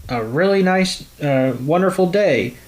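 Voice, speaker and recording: A man voicing a kindly, easygoing old man with a folksy drawl, a little raised in pitch. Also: expressive, a little slow, a little mellow, slight background noise.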